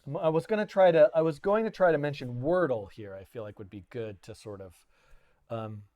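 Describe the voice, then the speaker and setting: A man's voice: mid-range voice, fairly quick, a little mellow. A man hosting a live coding tutorial from a home studio, talking in a playful, chatty way and laughing at himself. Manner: playful, self-deprecating, chatty with frequent laughs.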